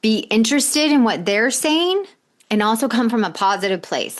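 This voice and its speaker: A woman's voice: fairly high pitch, animated, normal speed. A woman hosting a solo podcast, giving blunt, direct coaching advice in short punchy tips, with casual swearing. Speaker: podcast host.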